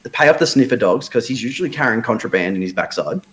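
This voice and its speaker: A man's voice: mid-range voice, animated, quick pace. A tired man, telling crude, joking stories in casual chat. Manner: joking storyteller, crude banter. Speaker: show regular, wrestler.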